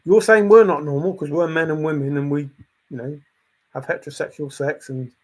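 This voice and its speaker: A man's voice: a little high, fairly even intonation, brisk. A man who hosts a channel, ranting in a casual, exasperated way and repeating his points. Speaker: channel host. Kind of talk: casual opinion rant.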